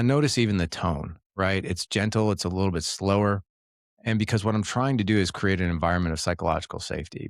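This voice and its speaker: A man's voice: low voice, vocal fry, no room sound, clean studio sound. A middle-aged man as a podcast guest, coaching fathers in an earnest, casual way, often repeating words and saying man and dude.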